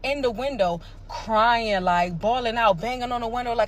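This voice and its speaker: A woman from the area, telling a dramatic personal story in a casual, animated way. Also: fairly high pitch, moderate pace. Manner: animated, dramatic retelling with sound effects and quoted voices.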